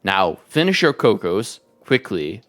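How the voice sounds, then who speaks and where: A man's voice: lowish voice, big pitch swings, measured pace, a bit bright. A man voicing a pompous, bossy male reindeer who runs the stables. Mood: smug. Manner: smug, bossy, self-important.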